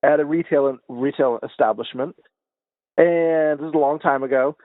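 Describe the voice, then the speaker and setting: A man's voice: a little high, moderate pace, no room sound. A man co-hosting a podcast, telling a story in a laid-back, casual way with hesitant restarts. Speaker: podcast co-host. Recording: dry, tinny phone-like sound.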